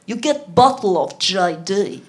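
A woman voicing a macho male taxi driver from Spain who speaks slow, solemn broken English while handing out blunt advice. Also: medium pitch, expressive, natural voice. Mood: solemn, boastful.

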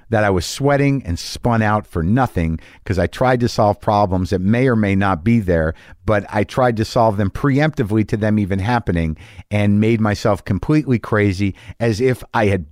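A man's voice: lowish voice, a little mellow, no room sound. Profane, rambling male podcast host. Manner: profane, self-deprecating, restless. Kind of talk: rambling storytelling monologue. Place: home garage studio. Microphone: studio mic with headphones. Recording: dry, close studio sound.

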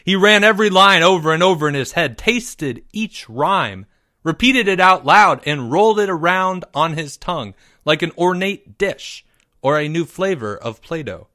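Brief: male narrator, storybook reading, bright clear tone, unhurried, dry booth. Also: on the high side, dry recording. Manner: measured, expressive reading.

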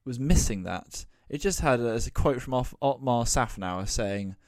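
A man's voice: medium pitch, lively intonation, moderate pace, a little mellow, dry recording. A man co-hosting a casual podcast, talking conversationally with wry asides and plenty of fillers. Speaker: podcast co-host. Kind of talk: casual motorsport discussion.

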